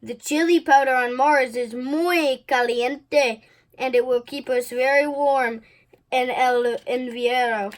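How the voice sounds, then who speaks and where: A woman's voice: high voice, steady tone, takes it slowly. A woman voicing the biggest of a gang of small chihuahuas, confidently explaining, in a storybook read-aloud.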